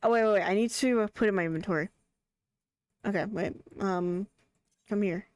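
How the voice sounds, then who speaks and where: A woman streaming a game live, chatty and excitable, thinking aloud and restarting her sentences. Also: mid-range voice, normal speed, no echo. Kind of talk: casual live gaming commentary.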